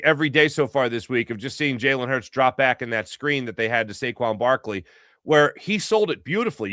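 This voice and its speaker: A man hosting a sports show, arguing his point in a fast, animated monologue full of rhetorical questions. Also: fairly high pitch, no echo, clean studio sound. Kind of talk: casual sports commentary monologue.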